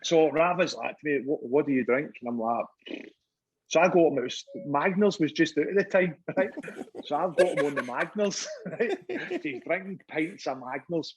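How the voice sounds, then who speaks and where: A Scottish man sits in on a casual podcast chat, spinning his anecdotes with energy and plenty of swearing. His voice sits a little higher than most men's. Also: normal speed, breathy edge, poor audio. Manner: animated storytelling, swearing, laughs often. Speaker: podcast guest, former goalkeeper.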